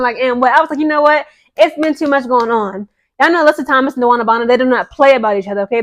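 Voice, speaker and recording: Fast-talking high-voiced woman vlogger. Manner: animated, repeats "okay?" often. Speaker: sports commentary vlogger. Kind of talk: casual sports gossip commentary.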